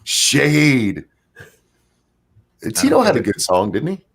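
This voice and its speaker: A man hosting a livestream chat, reading viewer comments aloud and swinging between loud jokes and mumbled asides. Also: medium pitch, huge pitch swings, slow pace, slightly rough. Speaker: livestream show host.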